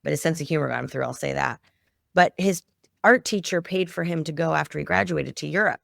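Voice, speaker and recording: A woman's voice: low voice, a little fast, vocal fry, dry recording, studio quality. A middle-aged woman, a guest on a podcast, telling a family story in a heartfelt, emotional way. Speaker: guest, founder of a children's music project. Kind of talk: conversational storytelling interview.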